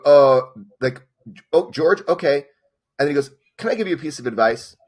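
A man in his forties, a documentary filmmaker and interview guest, telling a personal story in a lively way, acting out the dialogue and filling gaps with "like". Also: medium pitch, a little fast, slightly rough. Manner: lively, acts out quoted dialogue, many "like" fillers.

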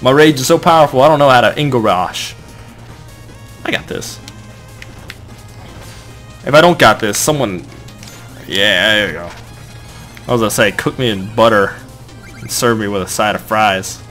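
A young man giving casual gameplay commentary, rambling and joking, with sudden excited outbursts when things go wrong. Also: fairly low pitch, moderate pace, faint music behind. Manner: excitable, rambling, shouts in bursts of frustration. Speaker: let's play gamer.

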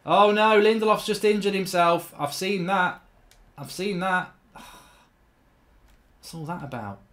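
High-voiced ranting man. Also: slow pace. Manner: exasperated ranting, frequent swearing, swings from mutters to shouts. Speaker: gaming channel host. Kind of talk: live gameplay commentary.

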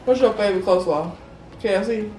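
Relaxed woman tasting food, echoey room. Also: medium pitch, fast. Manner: relaxed, talks food between bites. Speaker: mukbang guest. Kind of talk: casual eating chat. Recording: roomy audio from a distant mic with faint music. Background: faint music.

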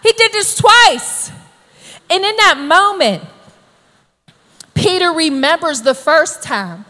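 A woman preacher delivering an emphatic, exhorting sermon that builds to shouted calls to the congregation. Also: very high-pitched, lively intonation, slow pace, in a large hall.

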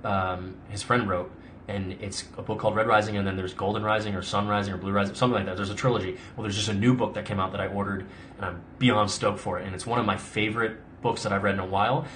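A man's voice: fairly low pitch, a bit bright, a little hiss or hum. A young adult man answering viewer questions in a casual live stream, rambling with lots of "like" and restarts. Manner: chatty, rambling, frequent "like" and restarts. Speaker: actor hosting a live Q&A.

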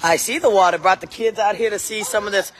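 A woman's voice: medium pitch, quick pace. A middle-aged woman, chatting casually to live-stream viewers and her kids outdoors on a phone. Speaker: vlogger and mom. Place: outdoors at a scenic waterfall spot.

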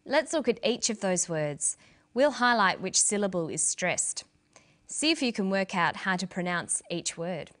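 A woman narrates an English lesson in a clear, measured teaching voice. Her delivery is scripted and careful, pitched at an everyday middle level. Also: animated, a bit bright.

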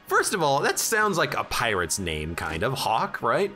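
A man streaming a video game and joking with his chat, his voice leaping up and down constantly at a middling pitch. Game music plays clearly behind him. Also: unhurried, hardly any pauses. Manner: animated, jokey, chatting with viewers. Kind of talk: casual gameplay commentary.

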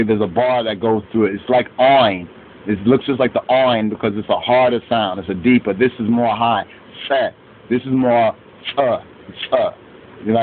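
A man teaching an alphabet, chanting each row of syllables and adding short explanations. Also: mid-range voice. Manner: slow, chanting drills of syllables with asides. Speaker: language teacher. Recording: tinny lo-fi phone-like recording with faint hiss.

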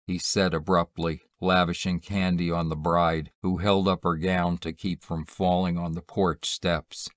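A man reading a literary horror short story aloud in a measured, unhurried narration. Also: deep voice, little pitch movement, dry recording, clean studio sound. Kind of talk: scripted narration.

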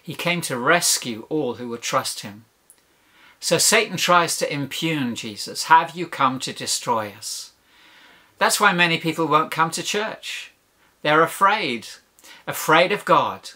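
A male preacher delivering a sermon in a bright, forceful voice that sits a little high. He drives his points home with rhetorical questions and punchy lists. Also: expressive, a little slow.

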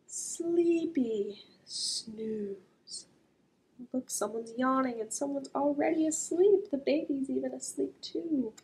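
A woman reading a picture book aloud to children as a librarian, gently asking the listener questions and drawing out the sound words. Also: sits high, a little slow, hardly any pauses, rough recording.

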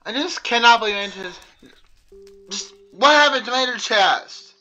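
A man's voice: extremely high pitch, expressive, normal speed, bright, forceful tone, lo-fi sound, faint music behind. A young man commenting on his own gameplay, exasperated and complaining over and over about lost items. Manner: exasperated, repeatedly complaining and ranting. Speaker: gaming channel host.

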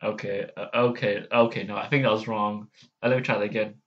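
A man's voice: mid-range voice, moderate pace, a bit bright, highs cut off. A man hosting a casual vlog, hesitant and self-deprecating as he tries out character voices. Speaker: channel host.

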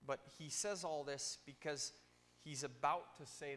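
A man's voice: mid-range voice, steady tone, unhurried, a bit bright. A man giving a casual youth sermon in a church, speaking informally with joking asides. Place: church sanctuary. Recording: long church reverb with faint hum.

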